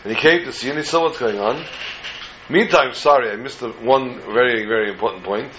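A man's voice: medium pitch, brisk, fairly bright tone, slight background noise, low-quality recording. Man telling a religious tale casually. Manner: informal, digressive, joking asides. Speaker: storyteller.

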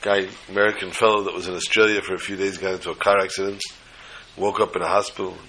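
A man's voice: low-pitched, flat delivery, fast, fairly bright tone, a little hiss or hum, rough recording. An older man teaching a Torah class, mixing teaching with jokes and storytelling asides.

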